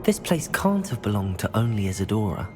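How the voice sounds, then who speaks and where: A man's voice: lowish voice, big pitch swings, brisk. An actor playing a curious young male wizard student in video game dialogue. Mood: worried. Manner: casting spells aloud, curious. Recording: game audio under loud music.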